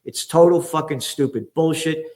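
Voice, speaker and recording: A man's voice: a little high, moderate pace, a little mellow. A man from the Bronx, hosting a profane, combative current-affairs commentary. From the Bronx, New York. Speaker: trends forecaster and show host.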